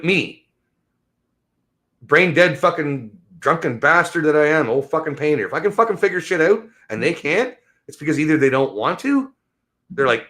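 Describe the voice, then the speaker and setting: A man hosting a podcast, ranting in a profane, rambling way that swings from low mutters to high exasperation. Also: lively intonation, moderate pace, fairly bright tone. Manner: agitated, sweary, rambling. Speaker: podcast host. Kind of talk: profane solo rant.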